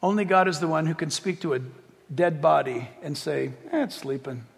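Brief: animated, joking male pastor, high voice, long church-hall reverb. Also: moderate pace, creaky. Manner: animated, jokey, acts out the scripture scenes. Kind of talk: sermon.

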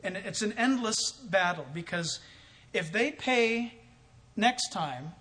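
A man's voice: high voice, lively intonation, slow pace, pushed and bright. A man telling a story in a sermon as a pastor, acting out both sides of a conversation and chuckling often.

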